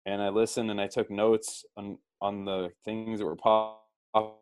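A man's voice: fairly low pitch, flat delivery, unhurried, a little mellow, clear, resonant tone, dry recording. Rambling man, very dry sound. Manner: rambling, stacks repeated questions. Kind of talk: casual online discussion.

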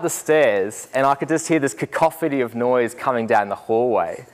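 Brief: Australian male teacher, young adult, mid-pitched, lively speech-storyteller who acts out voices. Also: normal speed, hardly any pauses. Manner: animated, acts out quoted voices with humor. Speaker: teacher giving a talk.

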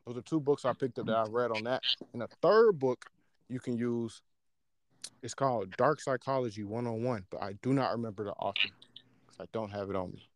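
A man in casual podcast chat, talking in an animated, slangy way and checking in with his listeners as he explains. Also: mid-range voice, fairly quick, a little hiss or hum. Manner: animated, slangy, often asks "you know what I'm saying". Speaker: podcast co-host.

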